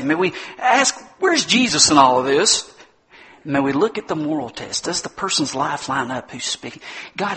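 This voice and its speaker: A man's voice: mid-range voice, pushed and bright, husky. A man preaching a sermon, emphatic and full of rhetorical questions, speaking directly to his listeners. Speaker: pastor.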